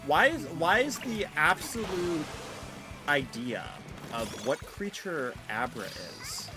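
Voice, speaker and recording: Lively, animated woman streamer. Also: low voice. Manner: excitable, laughing, rambling with restarts. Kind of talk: live gameplay stream chat. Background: music.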